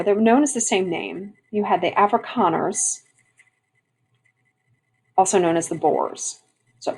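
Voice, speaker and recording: A woman with a lowish, gravelly voice teaches a history lesson, alternating between reading a passage aloud and explaining it conversationally with frequent fillers and restarts. The audio is poor, with a bit of hiss or hum.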